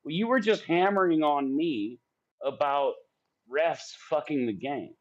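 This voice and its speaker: A man in his forties ranting on a live sports stream, profane and combative as he answers his chat. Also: mid-range voice. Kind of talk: heated live-stream rant. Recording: dull lo-fi stream audio.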